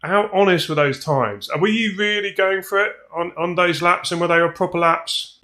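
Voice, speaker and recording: A man's voice: high-pitched, moderate pace, sharp tone. A man hosting a podcast, asking casual questions and laughing along with his guest. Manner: brief backchannels, laughs along. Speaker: podcast host.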